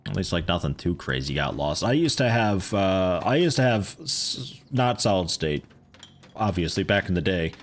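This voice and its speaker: He speaks at normal speed in a low voice with lively intonation. While streaming a game, he chats casually, rambles, and jokes with his viewers.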